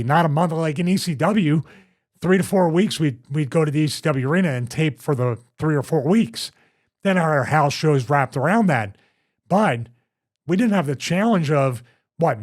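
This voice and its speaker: Emphatic Philly-accented man ranting. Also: on the high side. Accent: Philadelphia. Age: older. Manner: emphatic, animated rant. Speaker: show host, former wrestler. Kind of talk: casual podcast chat.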